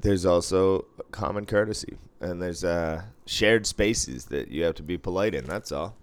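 A man's voice: normal speed, clean tone, no room sound. A man who works as a casino pit boss, chatting casually, laughing and swearing as he tells stories. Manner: laughing storyteller, swears freely, acts out others in a higher voice. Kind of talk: casual chat.

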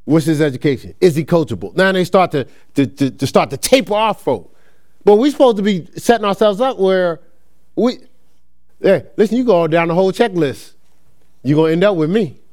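A male pastor delivering a sermon in a loose, conversational way. His voice sits high and leaps around with expressive swings. He slips into quick acted-out exchanges and laughs along with his own points. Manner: animated, conversational, acts out quick dialogues, laughs often. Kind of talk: lively preaching sermon.

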